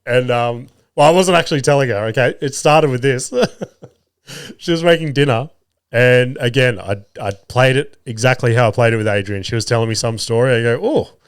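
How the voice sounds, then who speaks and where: A man's voice: medium pitch, normal speed, smooth, dry recording, clean studio sound. A man in his thirties hosting a solo podcast, telling rambling, crude stories and laughing at his own jokes. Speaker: podcast host. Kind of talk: casual solo podcast storytelling.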